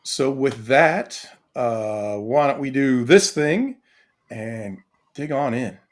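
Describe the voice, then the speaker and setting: A man co-hosting a casual podcast chat, rambling and excitable, laughing often. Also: mid-range voice, slow pace. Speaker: podcast co-host.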